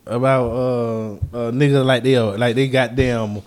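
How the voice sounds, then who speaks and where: A man's voice: mid-range voice, fairly even intonation, unhurried, darkish tone, clear, resonant tone. A man co-hosting a podcast, talking bluntly and profanely in casual banter. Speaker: podcast co-host.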